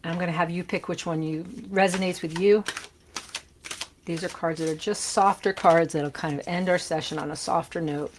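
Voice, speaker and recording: A woman's voice: on the low side, steady tone, moderate pace, background noise. A woman giving a casual tarot reading, chatty and reassuring, with loose fillers as she turns the cards. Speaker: tarot reader.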